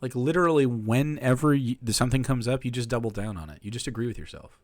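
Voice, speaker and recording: A man's voice: mid-range voice, fast talker. A young man commenting sarcastically on clips during a casual stream, mocking what he hears.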